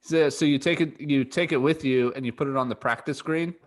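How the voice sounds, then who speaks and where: A man's voice: mid-range voice, brisk. Golf podcast co-host, man, casual and chatty, restarts often, laughs easily. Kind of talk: casual chat.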